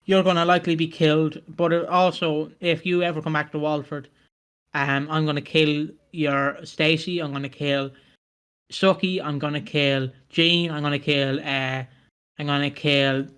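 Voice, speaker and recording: Man doing a threatening man, blunt ultimatums, stumbling, slightly low. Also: little pitch movement, moderate pace, a bit bright, clear, resonant tone, natural voice. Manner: rambling, stumbling over names.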